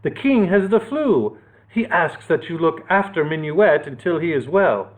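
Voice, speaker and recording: A man's voice: a little high, expressive, measured pace, poor audio. A man voicing a polite, mild-mannered friar who speaks formally.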